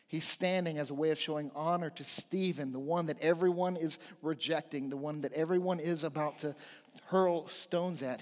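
A man's voice: fairly high pitch, long reverb tail. A man preaching a sermon as pastor, earnest and emphatic, building points through repetition.

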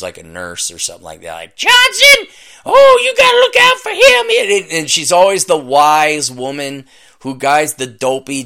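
A man hosting a podcast, ranting scornfully and profanely at an article he reads aloud, often bursting into shouting. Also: medium pitch, clear, resonant tone. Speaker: podcast host. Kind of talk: comedic rant reacting to a read-aloud article.

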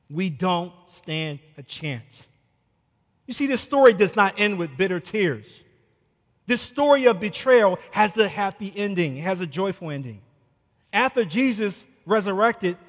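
A man preaching a sermon verse by verse, swinging dramatically between loud declarations and hushed asides. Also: high-pitched, in a large hall. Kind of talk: expository sermon on scripture.

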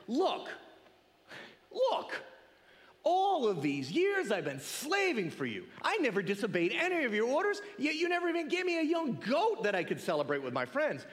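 A man's voice: very high-pitched, wildly swooping pitch, moderate pace, a bit bright, long reverb tail, voice pushed up, heavily acted. A man voicing a resentful older brother who speaks in bitter, indignant outbursts. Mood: angry.

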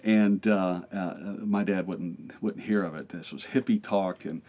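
A middle-aged American pastor telling a lively story in a podcast interview, acting out the voices in it and often laughing. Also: male voice, low-pitched, a little slow.

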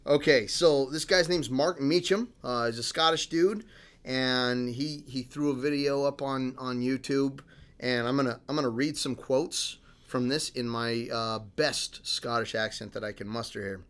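A man's voice: medium pitch, steady tone, measured pace, fairly bright tone. A man co-hosting a podcast, rambling through a news story in casual chat with many fillers and restarts. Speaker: podcast co-host.

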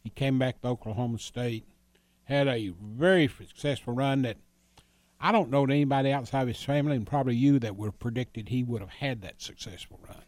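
A man with a mid-range voice talks in a relaxed, reflective way as he remembers a coach. The recording is dry and close. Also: mid-range voice, fairly quick, no echo. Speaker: interviewer, columnist. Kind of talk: casual conversation.

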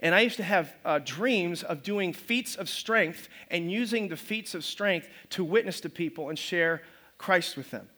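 A man's voice: high voice, a little slow, sharp tone. A man pastor preaching a sermon in a loose, conversational way, often restarting his phrases. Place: church service.

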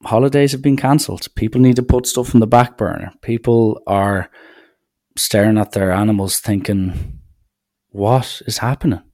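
A man's voice: fairly low pitch, steady tone, normal speed, dark tone. Sardonic young man podcasting. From Ireland. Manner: sardonic, rambling, mock-serious. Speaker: podcast host. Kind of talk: casual solo podcast monologue.

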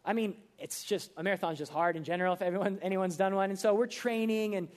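A young man preaching a sermon in a casual, conversational way, full of fillers and quick acted asides. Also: high voice, fairly even intonation. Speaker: pastor.

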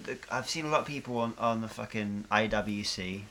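A man's voice: on the low side, fairly quick, fairly bright tone. A man in casual podcast chat, opinionated and rambling, with frequent restarts. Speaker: podcast co-host.

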